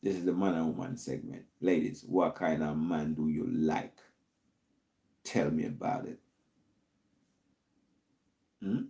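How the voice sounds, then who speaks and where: A man's voice: a bass voice, fairly even intonation, takes it slowly, vocal fry, pauses often, warm tone. A man hosting a call-in stream, musing aloud in a casual, hedging, teasing monologue.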